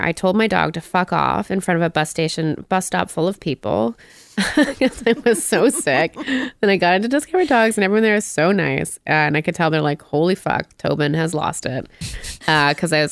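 Podcast host: woman from Canada, gravelly low voice, dry close sound, chatty storyteller. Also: no room sound. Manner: storytelling, animated quoted voices, swears casually. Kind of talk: casual chat.

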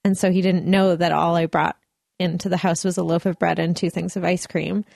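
A woman's voice: on the low side, level tone, fairly quick, creaky, a little mellow, no room sound, clean studio sound. A woman co-hosting a podcast, telling a long story in casual chat and laughing often.

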